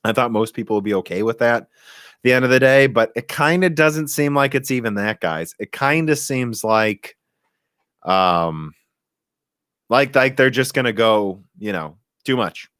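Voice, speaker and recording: A man's voice: mid-range voice, moderate pace, fairly bright tone, clear, resonant tone, no echo. A young man hosting a casual live stream about tech hardware, talking in a rambling, chatty way and laughing easily. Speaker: tech podcast host.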